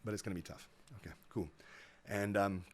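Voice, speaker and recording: A South African man telling stories as a guest in a casual interview, animated, acting out quoted voices and often repeating words. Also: on the low side, fairly quick. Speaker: guest, motivational speaker.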